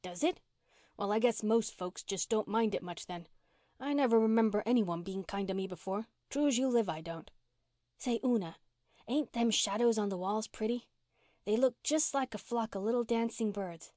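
A woman voicing a rough-spoken runaway orphan girl who talks in blunt, folksy country slang, read for a storybook. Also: a little high, moderate pace, warm tone, dry recording, studio quality, close to an everyday voice.

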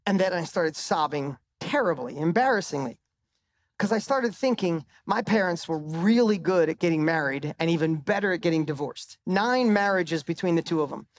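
A middle-aged motivational speaker with an expressive voice on the high side speaks at normal speed, live on stage into a microphone. His personal story comes with emphatic swearing, and his voice climbs whenever a punchline lands.

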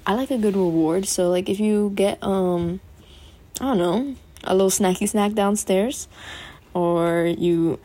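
A woman's voice: medium pitch, unhurried, dark tone. A young woman vlogging at home in a rambling, chatty way, often laughing as she talks. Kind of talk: casual chat to camera. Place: bedroom at home.

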